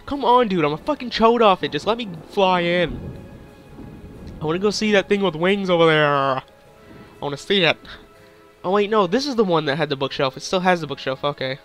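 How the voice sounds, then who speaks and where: A man's voice: high voice, animated, moderate pace, long pauses, a bit bright, faint music behind. Crude, goofy young gaming commentator man. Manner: silly, crude, rambling jokes. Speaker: gaming YouTuber.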